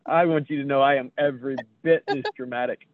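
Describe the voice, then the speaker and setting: A man's voice: medium pitch, steady tone, quick pace, dry recording. A man co-hosting a casual chat, reading memes aloud with jokes and swearing. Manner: jokey, self-deprecating, swears freely. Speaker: podcast co-host. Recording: tinny phone-like sound.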